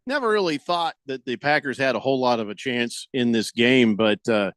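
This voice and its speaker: A man's voice: mid-range voice, normal speed, a bit bright, no room sound. A man hosting a sports radio show, chatting casually with jokes and sarcasm. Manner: joking, sarcastic, acts out quotes.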